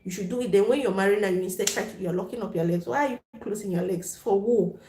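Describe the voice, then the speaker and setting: A woman's voice: medium pitch, fast talker, a little hiss or hum. Frank, laughing woman in an echoey room. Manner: frank and playful, laughs often, mixes Pidgin into English. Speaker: host of a live chat stream. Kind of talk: casual chat with viewers.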